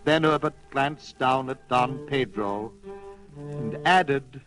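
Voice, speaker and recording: A man's voice: mid-range voice, slow, over music, poor audio. A man narrating a children's storybook in a playful, dramatic read-aloud manner.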